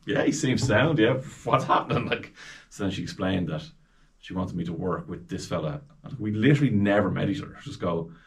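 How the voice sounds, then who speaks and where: Irish man, deep voice, rapid storytelling, casual guest chat. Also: gravelly. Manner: lively anecdotes with quoted voices.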